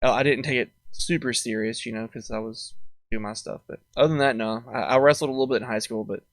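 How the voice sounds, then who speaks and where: A man with a mid-range voice talks casually as a podcast guest. He is a martial arts teacher, relaxed, with fillers and restarts. The recording is close and dry. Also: mid-range voice, quick pace, dry recording. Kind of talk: casual interview answers.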